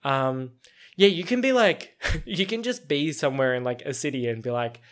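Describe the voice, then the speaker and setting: A young man with an Australian accent chats casually on his own podcast, his voice sitting at an everyday middle pitch. He wanders from thought to thought, filling gaps with "um" and "like", and often breaks into small laughs. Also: moderate pace, fairly bright tone. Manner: rambling, meandering, with frequent fillers and little laughs. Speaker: podcast host. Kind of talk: casual solo podcast chat.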